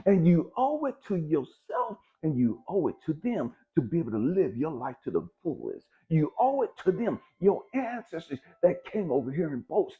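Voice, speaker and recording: A middle-aged man giving a blunt, profane motivational exhortation, hammering his points with repetition. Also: on the high side. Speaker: motivational speaker. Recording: dull lo-fi recording.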